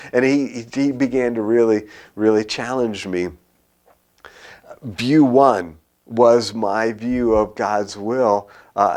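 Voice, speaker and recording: A male pastor preaching a sermon, telling a personal story with animated, dramatized dialogue. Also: lowish voice. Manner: animated storytelling, acts out his own panic and a dialogue.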